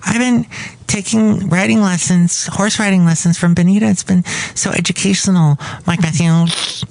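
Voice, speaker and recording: A man's voice: high voice, steady tone, moderate pace, creaky, dry recording, pitched above the performer's own voice, rough recording. Man doing a chirpy gift shop lady. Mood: eager.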